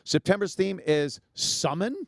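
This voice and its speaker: A man's voice: high-pitched, unhurried, creaky, dry recording, studio quality. Jokey man hosting a talk show. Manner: jokey, laughs often, rambling ad read. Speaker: podcast host. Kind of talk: casual chat and live ad read.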